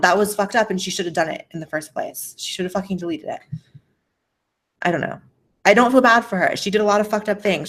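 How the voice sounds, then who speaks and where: A woman hosting a casual livestream and reading super chats aloud, blunt and profane, on a faulty mic that keeps cutting out. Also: medium pitch. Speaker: livestream host.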